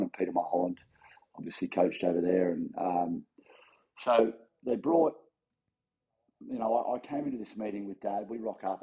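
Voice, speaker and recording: With the highs cut off the recording, a lowish-voiced Australian man in his forties guests on a casual podcast interview. Once a rugby league player, he tells his story animatedly, voicing other people's lines and chuckling along.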